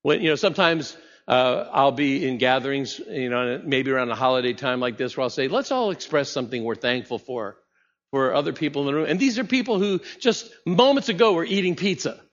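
Pastor preaching in a reverberant hall. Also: male voice, mid-range voice, expressive, brisk. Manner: conversational preaching with rhetorical questions. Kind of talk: sermon. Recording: muffled sound in a reverberant hall.

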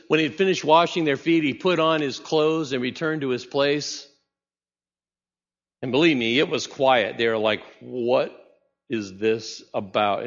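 Male pastor, conversational sermon, rhetorical questions, mid-pitched voice, long church reverb. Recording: muffled sound in a reverberant hall.

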